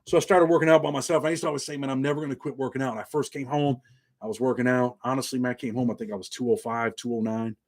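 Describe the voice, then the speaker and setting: A man's voice: mid-range voice, steady tone, very fast, darkish tone. Casting note: forties male vlog host, New York native with a slight country twang, laid-back and streetwise. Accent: slight Southern country twang. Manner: laid-back, streetwise, drops "man" constantly. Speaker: channel host. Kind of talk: casual monologue to viewers.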